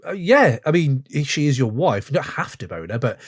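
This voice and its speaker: Lively man hosting a podcast. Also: mid-range voice, husky, no echo, clean studio sound. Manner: enthusiastic, meandering, quick to laugh. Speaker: podcast host. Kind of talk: casual track-review chat.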